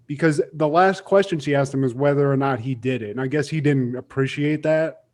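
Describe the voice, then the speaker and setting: A man's voice: mid-range voice, a little fast, darkish tone. A young man co-hosting a podcast, chatting casually and animatedly, swearing and acting out quotes as he tells a story. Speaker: podcast co-host.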